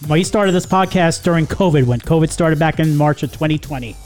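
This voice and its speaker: Joking podcast host with a higher voice. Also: male voice, brisk, a little mellow, faint music behind. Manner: joking, laughs often, swears casually. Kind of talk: casual chat. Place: home studio.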